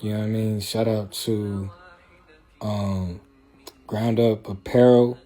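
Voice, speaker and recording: A man with a lowish, mellow voice speaks slowly and flatly while hosting a casual livestream. His style is loose, streetwise and rambling, full of filler asides, and he keeps checking in with his listeners.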